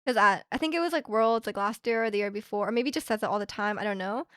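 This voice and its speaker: A woman's voice: mid-range voice, fast talker, fairly bright tone, smooth, dry recording. Chatty young woman streamer, dry sound. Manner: chatty, rambling retelling with fillers and laughs. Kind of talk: casual chat with stream chat.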